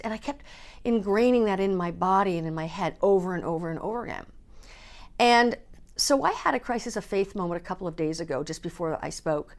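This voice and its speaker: A woman's voice: mid-range voice, animated, normal speed. A woman in a personal vlog, speaking candidly and emotionally, and swearing casually. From Canada. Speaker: speaker and coach.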